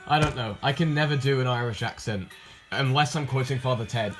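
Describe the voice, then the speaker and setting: A young Englishman with a mid-range voice talks at a normal speed while casually showing off his tape collection. He rambles, corrects himself, and adds dry asides, with music playing behind him.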